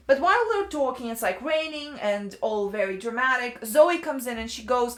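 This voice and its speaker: A woman's voice: high voice, expressive, moderate pace, few pauses, reverberant. A woman giving a casual, ranting book review, chatty and exasperated, leaning on "like" a lot. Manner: exasperated, chatty, fills speech with "like".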